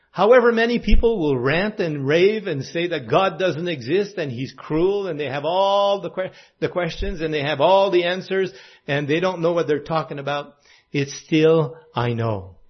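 A man from French Canada delivers an informal sermon in a high, slightly husky voice. He talks in a folksy, conversational way and keeps asking his listeners questions. The recording sounds dull and lo-fi. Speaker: preacher.

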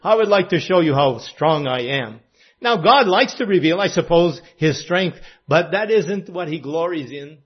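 A man's voice: on the high side, expressive, moderate pace, husky, highs cut off. A man from French Canada giving an informal sermon, folksy and conversational, often putting questions to his listeners. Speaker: preacher.

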